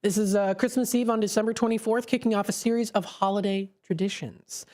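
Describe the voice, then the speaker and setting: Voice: medium pitch, fairly even intonation, brisk, darkish tone. A radio host, chatting on a live call-in show from a studio microphone, rambling with many fillers and restarts.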